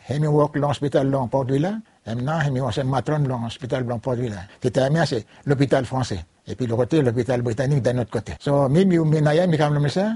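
An older man from Vanuatu speaks with a Bislama pidgin accent, his voice mellow and husky. He recalls his legal career in halting, repetitive phrases, dropping in French words now and then. The sound is close and dry. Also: mid-range voice, no room sound. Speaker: lawyer recounting his career. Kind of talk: oral history recollection.

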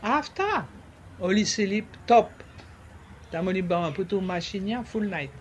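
A man talks in a casual interview, slipping in French words and pausing to find the right ones. His voice sits high, and a faint noise hums behind him. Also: expressive. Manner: searching for words, many fillers. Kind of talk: casual conversation.

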